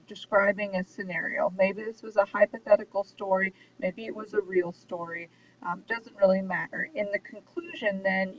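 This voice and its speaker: A woman giving a recorded lesson on essay writing, explaining steadily with frequent ums and uhs. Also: mid-range voice. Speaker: writing instructor. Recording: dull distant mic with faint hiss.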